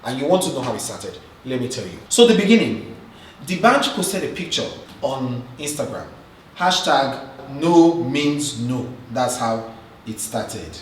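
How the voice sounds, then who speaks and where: A man's voice: mid-range voice, animated, a little slow, far from the mic. A man hosting a casual commentary vlog, chatty and teasing, tossing rhetorical questions at his viewers. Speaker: YouTube host. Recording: roomy echo, off-mic, faint noise.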